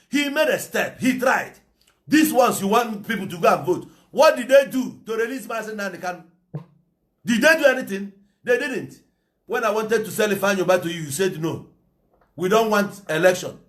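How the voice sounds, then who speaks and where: A Nigerian man, a political commentator with an Igbo English accent, launches into a fiery, sermon-like monologue and slips into Igbo now and then. His voice is high and a little bright.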